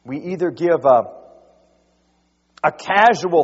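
A man preaching a sermon, rising to loud, drawn-out emphasis as he quotes scripture. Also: sits high, expressive, long reverb tail, muffled recording. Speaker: pastor.

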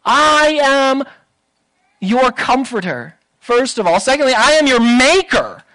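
Slow, emphatic preacher delivering a sermon. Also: high-pitched, big pitch swings, bright, forceful tone, low-quality recording. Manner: emphatic, building to raised intensity; repeats phrases for emphasis.

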